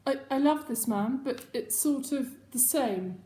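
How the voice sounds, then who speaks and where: Woman host, chatty and rambling, pitched a bit high, in an echoey room at home. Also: lively intonation, measured pace, dark tone, soft background music. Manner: chatty, rambling, self-mocking. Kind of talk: casual chat.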